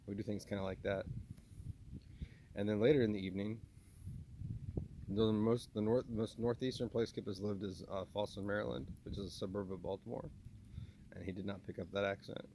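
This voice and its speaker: A man with a faint Southern, Texan twang speaks in a fairly low voice, rambling through a spoken video journal. He refers to himself in the third person and keeps restarting and stumbling over his words. A faint ambient hum sits underneath. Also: steady tone, fairly quick, long pauses, dark tone. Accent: slight Southern US (Texan). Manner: talks about himself in third person, many restarts and stammers.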